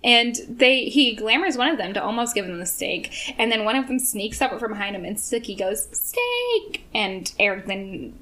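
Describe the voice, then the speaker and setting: A woman casually recapping a TV episode with a friend, animated, laughing often and acting out the characters' lines. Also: mid-range voice, brisk, hardly any pauses. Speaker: podcast co-host.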